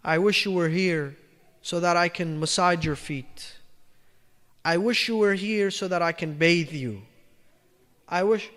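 A man voicing a simple, devoted shepherd in a soft, hushed, yearning way, within a storytelling sermon. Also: sits high, animated, measured pace, long pauses, in a large hall, voice pushed down. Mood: longing. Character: simple devoted male shepherd, tender and longing.

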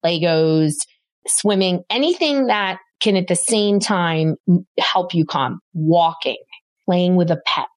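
A middle-aged woman talks through parenting advice in an animated, storytelling way, slipping into quoted voices as she goes. Her voice sits a little low for a woman. The sound is dry and close, with no room around it. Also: slow pace, no room sound. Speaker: podcast host, parenting expert. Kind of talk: conversational advice talk.

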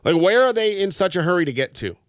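A man's voice: high voice, sing-song, fast, no room sound, studio quality. A man hosting his own podcast, talking in a rambling, heartfelt way that often stops and restarts mid-sentence. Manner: rambling, heartfelt, self-interrupting. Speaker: podcast host. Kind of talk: personal podcast monologue. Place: radio station studio. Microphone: studio microphone.

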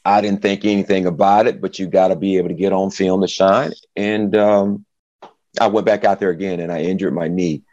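A man's voice: sits low, brisk, no room sound, highs cut off. A middle-aged man, a former football player, tells his story in an interview and acts out the voices of the people in it. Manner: animated storyteller, acts out quotes.

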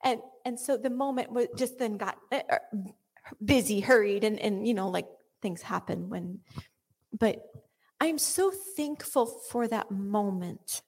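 A woman's voice: mid-range voice, unhurried, darkish tone, breathy edge. A woman giving earnest Christian teaching with a personal story, often dropping to a whisper and restarting her sentences. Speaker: Christian speaker.

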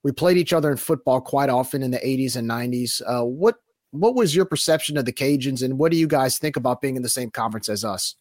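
A man hosting a casual football podcast, animated and laughing as he asks eager questions. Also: mid-range voice, fast, dry recording, studio quality. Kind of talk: casual chat.

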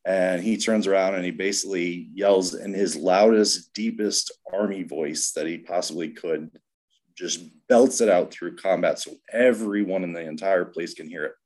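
A man's voice: low voice, normal speed. A man, a Navy veteran, telling a rambling story in casual conversation with many fillers and acting out quoted dialogue. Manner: acts out quoted dialogue in animated voices.

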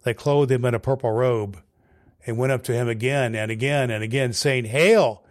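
A male pastor reading a scripture passage aloud in a steady, clear way. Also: mid-range voice, fairly quick.

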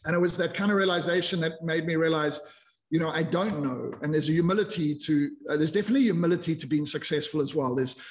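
A man's voice: a little high, fast. A man in his fifties, a podcast guest telling his story in a candid, reflective way with frequent restarts. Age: 50s. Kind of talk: casual interview chat.

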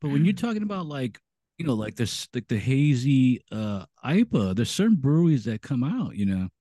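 Animated, rambling man in casual chat. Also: mid-range voice, normal speed, no echo, clean studio sound. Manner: rambling, full of restarts and "you know". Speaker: podcast co-host.

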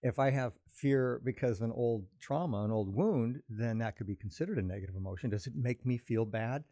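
A man talking calmly in a casual conversation, explaining his ideas at length in a reflective way. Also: mid-range voice, brisk, dry recording, studio quality. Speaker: podcast co-host.

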